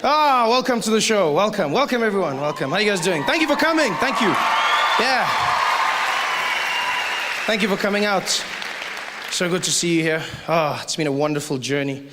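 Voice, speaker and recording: A man doing stand-up comedy in a conversational, animated way. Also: sits high, moderate pace, pauses often. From South Africa. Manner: conversational, animated, acts out voices. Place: large live venue with audience. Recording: live hall with crowd noise.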